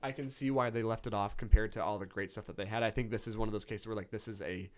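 Fast-talking man in casual music chat. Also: lowish voice, fairly even intonation, a little mellow. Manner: fast, chatty, many restarts and fillers. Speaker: podcast co-host. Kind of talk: casual chat about albums.

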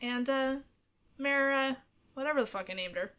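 A woman voicing a female police officer who speaks in a halting, businesslike way. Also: high voice, fairly bright tone, smooth, voice pushed up.

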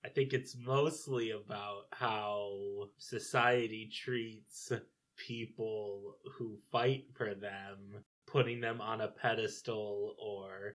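A man in a relaxed podcast chat, chiming in with dry, teasing remarks and wry questions. He keeps his tone conversational and easygoing. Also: on the low side, slow. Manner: dry, teasing, mock-patriotic jokes. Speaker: podcast co-host. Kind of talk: casual chat.

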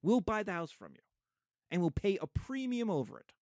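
A man reading the part of a falsely courteous white homeowners' representative in a soft voice. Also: high voice, sing-song, moderate pace, no echo, studio quality, pitched above the performer's own voice. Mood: smarmy. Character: polite condescending white neighborhood representative.

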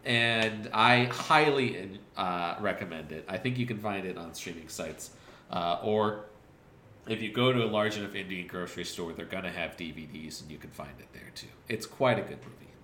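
A man co-hosting a podcast, casually recapping movies in a rambling, profane, deadpan jokey way with quick voiced asides. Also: low voice, reverberant, a little hiss or hum. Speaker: podcast co-host.

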